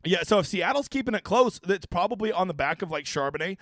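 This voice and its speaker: A man's voice: sits high, fast, dry recording, studio quality. A young man hosting a live fantasy football stream, reading viewer questions aloud and answering casually with plenty of swearing. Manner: animated, swearing, reads chat questions aloud. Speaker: fantasy sports livestream host.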